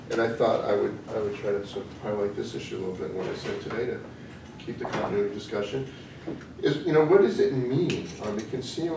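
A man giving an academic lecture, thoughtful and hesitant, often pausing with "um" as he works through his ideas. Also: on the low side. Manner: thoughtful, hesitant with frequent ums. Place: lecture room. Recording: echoey room from a distance with faint noise.

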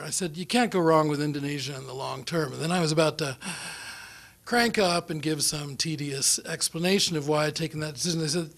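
A man's voice: fairly high pitch, brisk, gravelly, fairly bright tone. Rambling New Zealand man telling anecdotes. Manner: rambling anecdotal storyteller, self-deprecating, laughs often. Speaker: guest speaker. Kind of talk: after-dinner foreign policy talk. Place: lecture room or dinner venue.

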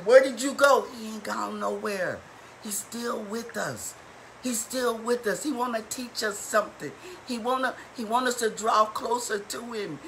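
A woman's voice: a little high, a little hiss or hum, poor audio. A woman preaching at a Bible study, fervent and calling out to the congregation with rising exhortations. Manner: fervent call-and-response preaching, rising to shouts. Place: church or home, streamed live.

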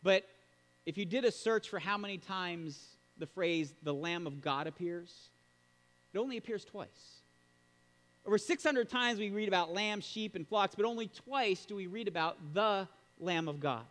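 A male pastor delivering a sermon in a fairly high, very lively voice that leaps up into loud bursts of emphasis. His words ring with a long reverb from a large church sanctuary. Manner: emphatic, animated preaching with sudden loud bursts.

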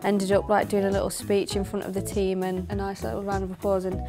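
A young Englishwoman with an English accent chats in a laid-back, giggly way about her teammates, her voice sitting at an ordinary middle pitch. A clear music bed runs underneath her the whole time. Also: monotone, fairly quick. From England. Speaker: footballer. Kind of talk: casual chat.

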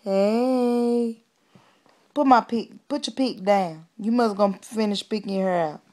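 A woman's voice: mid-range voice, animated, normal speed, darkish tone. A woman filming her baby at home, coaxing her in sing-song baby talk.

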